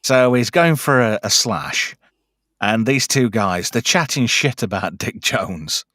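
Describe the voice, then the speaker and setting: A man's voice: medium pitch, animated, measured pace, pushed and bright, dry recording, clean studio sound. A man hosting a casual film chat, crude jokes and many fillers. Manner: chatty, crude joking, lots of fillers. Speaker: podcast host.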